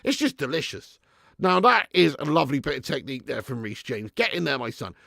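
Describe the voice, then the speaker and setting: An excitable man hosts a football watch-along, joking and bantering with his live chat. His voice sits fairly high, swoops widely when a goal goes in, and carries a gravelly edge. The sound is dry and close. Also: brisk, dry recording. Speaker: live stream host.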